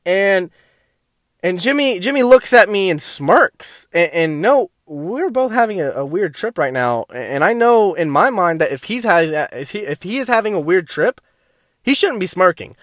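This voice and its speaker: Young male vlogger, higher-pitched, profane and rambling, dry close sound. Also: big pitch swings, moderate pace, a bit bright, no room sound. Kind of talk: casual storytelling to camera.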